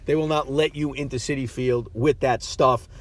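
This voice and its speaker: Speaking at a moderate pace with fairly even intonation, a medium-pitched man hosts a podcast from his parked car. The story comes out casual and self-deprecating, broken up by frequent stammers as he starts again.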